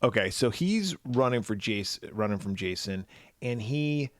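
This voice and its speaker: A man's voice: on the low side, no echo, studio quality. Casual swearing man recapping a movie. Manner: swearing, animated retelling with quick voiced asides. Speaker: podcast co-host.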